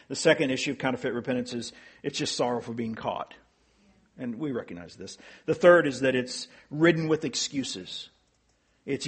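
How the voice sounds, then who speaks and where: A pastor giving an earnest sermon, teaching with rhetorical questions and frequent restarts. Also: male voice, medium pitch, husky.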